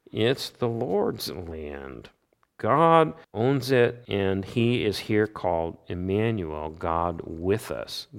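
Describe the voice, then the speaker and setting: Low-voiced man teaching from Scripture. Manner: emphatic, asks rhetorical questions and answers them; repeats key phrases for emphasis. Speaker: Bible teacher. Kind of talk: expository Bible teaching.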